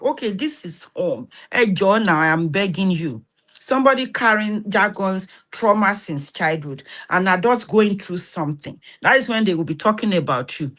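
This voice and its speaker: A woman with a Nigerian Yoruba accent talks to her listeners in an animated, pastoral way. She slips into Yoruba phrases and swings up into preacher-like emphasis, then settles into prayer. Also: medium pitch, normal speed. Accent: Nigerian, Yoruba-influenced. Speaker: host and massage therapist. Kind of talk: spoken talk with prayer.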